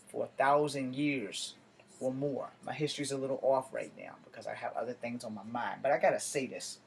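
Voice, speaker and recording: A man's voice: medium pitch, slight background noise, low-quality recording. A man giving an emotional, impassioned vlog rant, swearing and building to outbursts. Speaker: video blogger.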